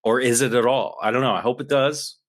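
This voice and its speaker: A man's voice: mid-range voice, fairly even intonation, a little fast. A man co-hosting a podcast, ranting in a heated, worked-up way into a studio mic. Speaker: podcast co-host. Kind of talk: political podcast rant.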